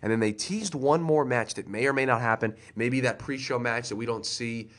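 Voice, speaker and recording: A man co-hosting a podcast in casual chat, teasing and excitable. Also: medium pitch, normal speed. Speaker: podcast co-host.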